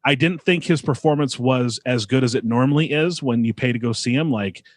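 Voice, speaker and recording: A man's voice: mid-range voice, a little fast, no echo, studio quality. A man co-hosting a podcast in casual chat, teasing his co-host and rambling with lots of fillers.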